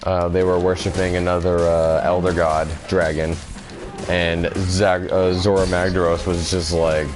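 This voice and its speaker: A man's voice: low-pitched, flat delivery, normal speed, over music. A young man chatting casually about games and anime, laughing a lot and swearing offhandedly. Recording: background noise.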